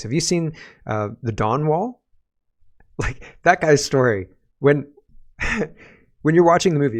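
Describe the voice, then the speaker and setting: Gravelly guy doing a sarcastic political rant, lots of laughing. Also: mid-range voice. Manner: sarcastic, ranting, laughs often. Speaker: political commentary host. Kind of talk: casual political commentary.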